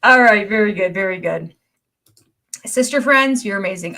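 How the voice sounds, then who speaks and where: A woman's voice: medium pitch, moderate pace, long pauses. Older woman laughing through viewer comments. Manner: laughs often while reading comments aloud; chatty, warm-hearted and easily amused. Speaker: host reading viewer comments. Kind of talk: casual livestream chat.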